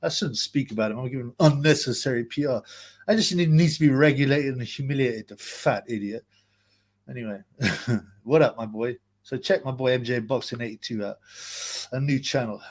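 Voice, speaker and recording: Husky man ranting on a livestream. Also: mid-range voice, brisk. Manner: mocking, rambling, reads out chat greetings. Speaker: livestream host. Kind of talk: casual livestream rant.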